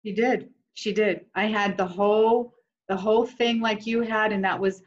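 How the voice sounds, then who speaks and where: A woman's voice: mid-range voice, fairly even intonation, moderate pace. A woman host sharing a story in a casual, open conversation. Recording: dull lo-fi sound.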